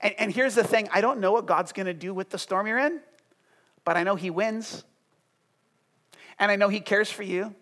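A man preaching a sermon with passion, dropping to a hush and then rising loud. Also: high-pitched, normal speed, pauses often. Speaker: pastor.

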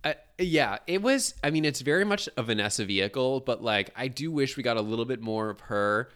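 A man of medium pitch chats casually about a film on a podcast. He rambles through his thoughts with lots of fillers and laughs easily along the way. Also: lively intonation, brisk, a bit bright. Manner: chatty, laughing, many filler likes. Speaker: podcast co-host. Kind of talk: casual movie review chat.

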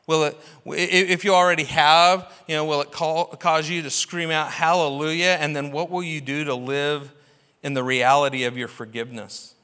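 A man's voice: on the high side, fairly even intonation, moderate pace, pushed and bright, clear, resonant tone. A man preaching a sermon as pastor, passionate and full of rhetorical questions. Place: church sanctuary. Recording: long hall reverb.

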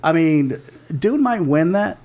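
A man's voice: fairly high pitch, animated, takes it slowly, a little mellow. A man co-hosting a podcast, chatting casually and bluntly about film award nominations, with lots of restarts and casual swearing. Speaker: podcast co-host.

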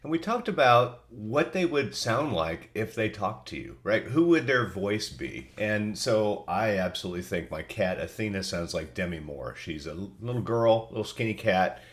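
A man's voice: lowish voice, expressive, normal speed, few pauses. A middle-aged man with a cold, hosting a podcast in a chatty, folksy way as he reads out listener answers. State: has a cold. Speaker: podcast host. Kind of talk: casual solo podcast reading listener answers.

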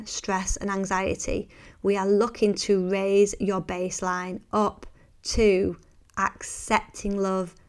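A woman hosting a motivational podcast, speaking earnestly and encouragingly before easing into a soft, hushed guided visualization. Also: mid-range voice, smooth. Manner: earnest and encouraging, softening to a hushed, slow delivery. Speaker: podcast host and meditation guide.

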